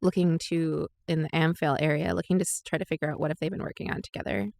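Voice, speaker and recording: Gravelly-voiced woman player. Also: low-pitched, fairly even intonation, fast, a little mellow. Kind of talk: tabletop role-play.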